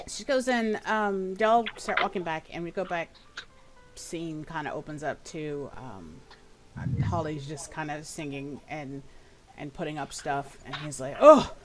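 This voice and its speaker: A woman's voice: deep voice, unhurried, music in the background. A woman, narrating a tabletop game as game master in a chatty way. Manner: chatty, with lots of fillers. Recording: noisy home recording.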